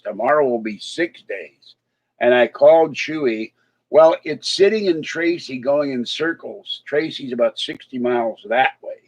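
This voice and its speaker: Man, vlogger, rambling casual chat, mid-pitched voice, slightly muffled recording. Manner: rambling, chatty, complaining. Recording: slightly dull lo-fi sound.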